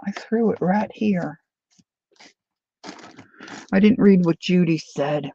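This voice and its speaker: A woman's voice: lowish voice, slow pace, creaky, mellow, husky, highs cut off. A woman chatting casually to viewers while she works on a paper craft journal, talking things over with herself as she goes. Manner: chatty, reads viewer comments aloud. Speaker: craft vlogger.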